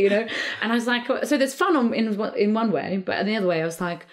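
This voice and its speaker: A woman's voice: mid-range voice, fast talker. A woman comedian, talking animatedly in a podcast interview and slipping into quoted voices. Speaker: comedian guest.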